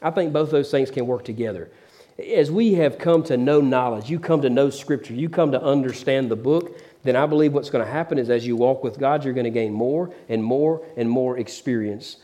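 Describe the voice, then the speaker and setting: A man delivering a sermon in a church with a warm, mellow tone. He preaches conversationally, tells stories and throws asides to the congregation. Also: mid-range voice, moderate pace. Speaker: pastor.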